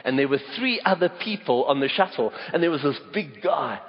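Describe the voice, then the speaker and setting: A South African man delivers a sermon with a pitch that swings up and down and a slightly raised voice. He leans hard on key words and slips into stories as he goes. The sound is dull and lo-fi, with a long reverb from a large hall. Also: expressive, brisk, slight background noise. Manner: emphatic, storytelling preacher who stresses key words. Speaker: pastor. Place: church auditorium.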